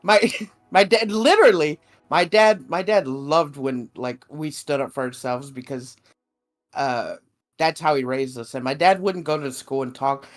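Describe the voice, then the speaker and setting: A man's voice: on the high side, measured pace. A man co-hosting a podcast in loose, casual chat, swearing and laughing as he talks about his father. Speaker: podcast co-host.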